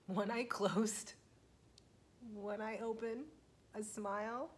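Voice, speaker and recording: Gentle woman leading a children's storytime. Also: mid-range voice, steady tone. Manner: gentle, slow and encouraging, talking to small children, often dropping to a whisper. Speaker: children's librarian.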